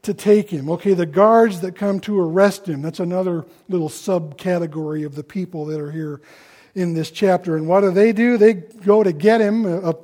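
A man preaching a sermon in a conversational way, acting out the people he quotes in louder voices. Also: sits high, fairly even intonation, moderate pace. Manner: conversational, acts out quoted voices with rising loudness.

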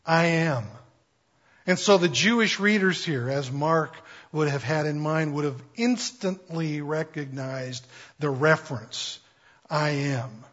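Husky, fairly high-voiced male preacher. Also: measured pace, a bit bright, highs cut off. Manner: conversational, playful, acts out quotes with jokes. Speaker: pastor. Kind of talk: sermon.

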